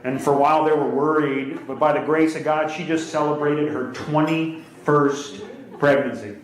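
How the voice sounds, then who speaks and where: A man doing stand-up comedy, firing off punchy one-liners and quick asides to the crowd on a club stage. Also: on the high side, fairly even intonation. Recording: echoey club with loud audience laughter. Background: audience laughing and applauding.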